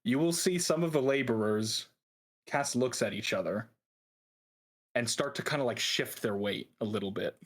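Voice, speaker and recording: A man runs a tabletop game, narrating the scene at an easy, middling pitch. He talks in a relaxed, playful way and keeps breaking into laughter. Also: normal speed. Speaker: game master.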